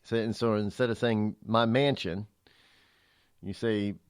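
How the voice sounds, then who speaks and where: A man's voice: lowish voice, steady tone, a little slow, clear, resonant tone, no echo. A man hosting a talk radio show from a studio, rambling through a monologue with many restarts and fillers. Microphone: studio mic.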